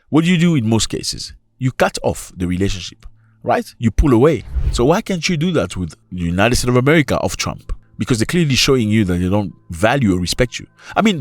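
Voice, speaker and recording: A man hosting opinionated commentary, talking in an animated way with rhetorical questions and sudden jumps in pitch. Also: dry recording, studio quality. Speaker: commentary channel host.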